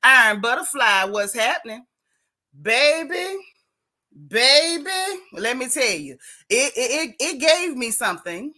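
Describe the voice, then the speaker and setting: A woman hosting a casual livestream chat, animated and folksy, a little out of breath. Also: on the high side, moderate pace, poor audio. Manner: animated, folksy, loud greetings. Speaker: show host greeting live chat.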